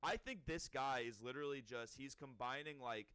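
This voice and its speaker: A young man co-hosting a podcast, chatting casually in a rambling way with quick restarts. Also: mid-range voice, sharp tone, smooth, no room sound. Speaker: podcast co-host. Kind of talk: casual chat.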